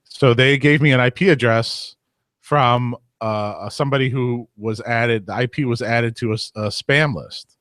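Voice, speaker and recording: A man's voice: mid-range voice, fairly even intonation, measured pace, a bit bright, dry recording, clean studio sound. A man co-hosting a live show in casual chat, blunt and opinionated. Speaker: podcast co-host.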